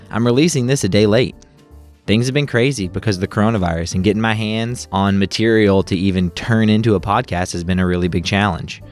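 A young man hosting a podcast, talking candidly to his listeners in a chatty outro. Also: fairly low pitch. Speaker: podcast host.

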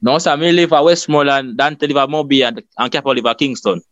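Fast-talking Jamaican man, dull dry sound. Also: medium pitch, no echo. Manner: quick, relaxed patois talk. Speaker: guest skit creator. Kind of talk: casual interview chat.

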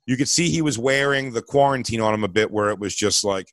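Give me a man in his forties spinning a loose comedy story, middle pitch, dry and close. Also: quick pace, no room sound. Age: 40s. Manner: rambling, animated, with many fillers and restarts. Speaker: podcast co-host.

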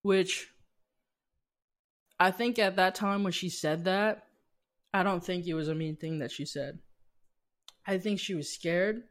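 A young adult man with a high, slightly bright voice speaks unhurriedly with long pauses. As a podcast guest in an interview, he tells personal stories with animation, acting out family dialogue.

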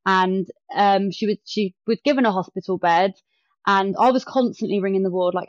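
A woman's voice: mid-range voice, normal speed, dry recording. A woman, a podcast guest telling a story in casual chat and acting out the quotes. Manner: animated retelling with acted-out quotes. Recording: dull lo-fi dry sound.

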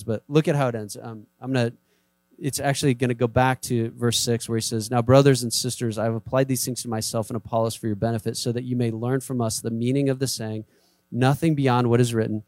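A pastor preaches a sermon conversationally, acting out short quoted voices and driving points home with emphatic repetition. His mid-range voice is a little mellow, with no room sound.

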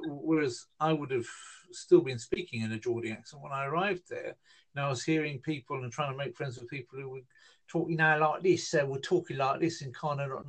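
A man in his fifties from northern England, speaking, telling a long personal story in a relaxed interview, with lots of fillers and restarts. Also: on the high side. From Newcastle, northern England. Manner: rambling, hesitant, with many fillers and restarts. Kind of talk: casual storytelling conversation.

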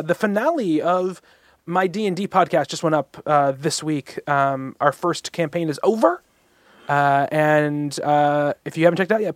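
Rambling podcast host, dry sound. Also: male voice, on the high side, no room sound. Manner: rambling, many fillers and restarts. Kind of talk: casual chat.

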